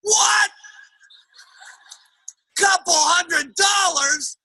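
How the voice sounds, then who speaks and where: A man voicing a loud, grumpy, beer-drinking husband who shouts and scolds. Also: very high voice, animated, a little slow, gravelly, dry recording, pitched above the performer's own voice, heavily acted. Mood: angry scolding.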